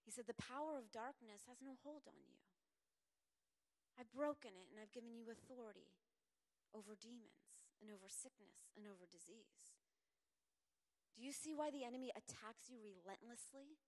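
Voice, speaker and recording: A woman preaching a sermon, swinging from soft whispers to loud, pleading passages. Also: a little high, moderate pace, long reverb tail. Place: church sanctuary.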